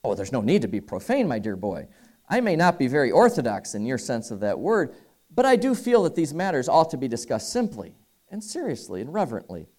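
A man's voice: mid-range voice, wildly swooping pitch, brisk, a little mellow. A man voicing a condescending, pompous theologian who patronizes an old friend.

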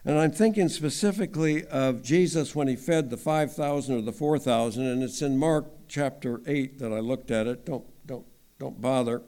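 A man's voice: medium pitch, moderate pace, mellow, smooth. A man teaching the Bible as a layman, talking in a conversational way with wry asides. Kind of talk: informal Bible teaching talk.

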